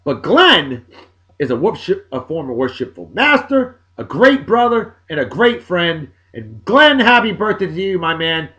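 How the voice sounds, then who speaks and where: Man, 40s, somewhat high voice, jokey, loud bursts and mumbled asides, casual vlog shout-outs. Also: big pitch swings, a little slow. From Massachusetts, USA. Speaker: video blog host.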